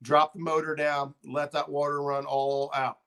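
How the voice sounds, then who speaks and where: A man's voice: on the high side, little pitch movement, normal speed, gravelly, fairly bright tone, clean tone. A middle-aged man hosting a fishing channel livestream, chatting casually and rambling with lots of ums and uhs as he reads viewer comments.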